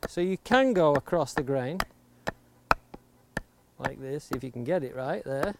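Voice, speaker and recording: A man with a fairly high voice gives a hands-on axe-carving lesson outdoors. He explains steadily and patiently, keeps coming back to safety, and axe chops click through the noisy recording. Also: lively intonation, moderate pace. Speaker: woodworking instructor. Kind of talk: hands-on demonstration. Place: outdoors near the coast. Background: axe chopping clicks.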